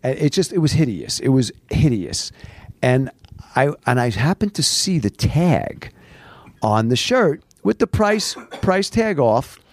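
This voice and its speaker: A man telling a long story as a podcast guest, animated and full of restarts, recorded in a studio late at night. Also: mid-range voice, unhurried, no echo. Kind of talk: casual storytelling.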